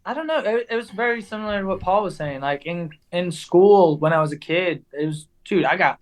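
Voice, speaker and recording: A young man with an English accent worn down by years in the American South talks on a video call. His voice sits a little high, and his casual chat is full of "like" and "dude," broken up by easy laughs. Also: lively intonation, brisk. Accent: English, softened after years in the American South. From England. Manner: chatty, laughs often, says "dude" and "like" a lot. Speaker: guest, racer.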